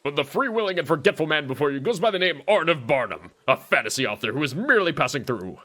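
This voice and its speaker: A man doing a grandiose, eager author from a mystery game. His tone is bright and animated, and every line sounds a little theatrical. The reading has the relaxed ease of a live game stream. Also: fairly high pitch, quick pace, exaggerated voice. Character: eager male fantasy author, flamboyant and excitable. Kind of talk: voicing game dialogue on a stream.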